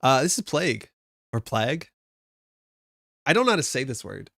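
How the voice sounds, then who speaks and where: A young Canadian man from Alberta thinks aloud on a live stream, chatty and self-mocking. His voice is gravelly, and his pitch jumps around a lot. The sound is close and dry. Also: big pitch swings, fast talker, sharp tone, no room sound. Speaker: streamer building a card game deck. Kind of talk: casual live-stream chat.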